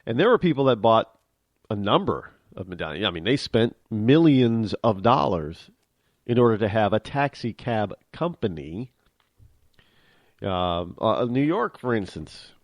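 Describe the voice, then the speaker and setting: A man's voice: mid-range voice, no echo, studio quality. A man hosting a talk show, delivering an opinionated monologue with emphatic restarts and repeated words.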